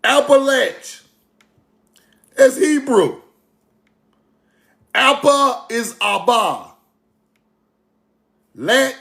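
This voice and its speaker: Man, high voice, slow, emphatic, repetitive, casual commentary. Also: expressive, gravelly, a bit bright. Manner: emphatic, repetitive, asks viewers rhetorical questions. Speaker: online history commentator. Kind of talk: casual video commentary to viewers.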